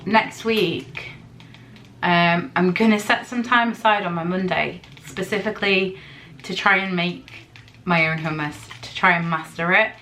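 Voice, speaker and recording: A woman vlogger chatting casually through her grocery haul, rambling with lots of ums and quick giggles, her throat a little dry. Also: lowish voice, pushed and bright, distant mic. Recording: faint noise, voice a bit off-mic.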